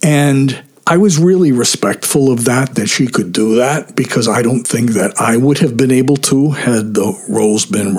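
A man's voice: mid-range voice, darkish tone, slightly rough. An older man candidly telling a story in a conversational, storytime vlog style.

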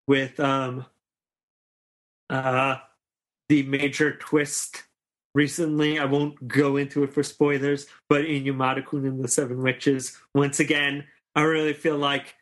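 A man hosting a podcast in a relaxed, easygoing way, with many hesitant pauses. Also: mid-range voice. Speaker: podcast host. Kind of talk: casual podcast chat.

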